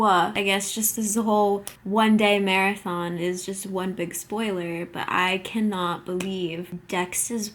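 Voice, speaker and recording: A woman's voice: medium pitch, fairly even intonation, takes it slowly, hardly any pauses, a little hiss or hum. A young woman talking casually to camera at home, rambling with lots of "like" and gasping, emotional reactions. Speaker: vlogger. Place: at home, sitting in a chair.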